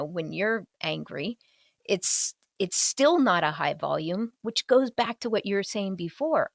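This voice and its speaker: A woman hosting an interview, who talks in an animated way, chuckles often and restarts her sentences. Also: mid-range voice, dry recording, studio quality. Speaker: host. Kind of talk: conversational interview.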